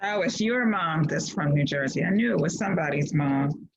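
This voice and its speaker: Playful teacher, low woman, lo-fi call. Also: animated, normal speed, vocal fry, husky. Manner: playful, encouraging, laughs often. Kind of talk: online class lesson. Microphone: video call. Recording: dull lo-fi video call audio.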